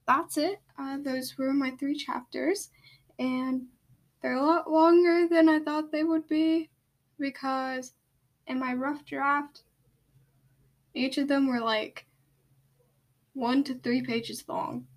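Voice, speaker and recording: A woman's voice: high-pitched, fairly even intonation, slow pace, long pauses. A woman reading her own story aloud, with casual, hesitant asides.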